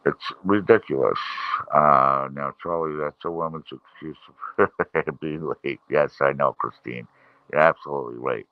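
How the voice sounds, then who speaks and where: Male streamer, very deep voice, dry close sound, rambling and irritated casual chat. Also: normal speed, dry recording, phone-quality sound. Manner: rambling, frustrated, many fillers. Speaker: livestream host. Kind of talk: casual live chat reading viewer comments.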